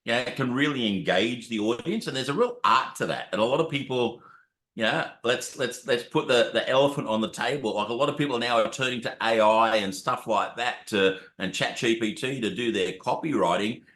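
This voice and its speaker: A man's voice: mid-range voice, brisk, a bit bright, roomy sound. A man hosting a casual interview, chatty and matey, calling his guest "mate". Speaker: podcast host.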